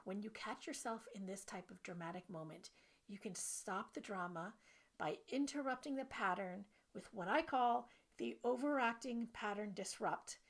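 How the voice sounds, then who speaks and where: Woman coach, playful instructional video, a touch of vocal fry, mid-pitched. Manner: animated and playful. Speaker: self-help coach.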